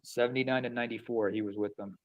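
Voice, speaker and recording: A man in casual stream chat who talks in a halting, soft-spoken, emotional way. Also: mid-range voice, fairly even intonation, poor audio.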